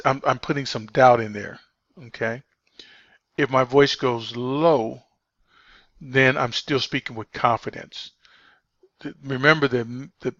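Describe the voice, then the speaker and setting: A man's voice: medium pitch, a bit bright, no room sound. A man coaching new phone agents, stressing and repeating his points, with plenty of fillers. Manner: emphatic, repeats key points, many fillers. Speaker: sales trainer. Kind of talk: spoken training walkthrough. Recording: dull lo-fi dry recording.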